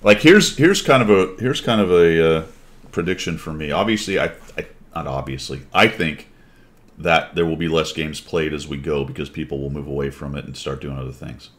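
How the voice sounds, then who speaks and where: Male host, very deep voice, loose rambling chat delivery. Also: moderate pace, fairly bright tone. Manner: rambling, thinking aloud. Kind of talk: casual chat.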